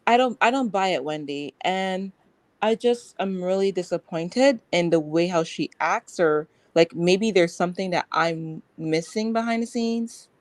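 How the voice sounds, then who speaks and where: A woman's voice: lowish voice, unhurried, dry recording, rough recording. A woman guest in a casual chat, speaking frankly and rambling with lots of fillers.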